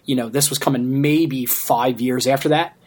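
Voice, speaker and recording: A man's voice: mid-range voice, fairly even intonation, normal speed, a little mellow, breathy edge. A young man co-hosting a casual podcast, explaining things at length with many fillers. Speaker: podcast co-host.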